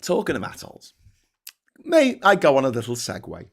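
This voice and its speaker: A man's voice: wildly swooping pitch, moderate pace, creaky. A man hosting a casual monologue, swearing a lot as he rants. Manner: sweary, ranting, mimics in high squeals. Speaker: host.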